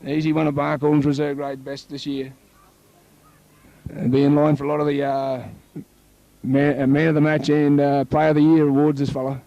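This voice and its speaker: A man with an Australian accent calling a local rugby league match play by play, chatting with his co-commentator and rising to excited shouts on tries. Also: fairly high pitch, normal speed, no room sound, lo-fi sound.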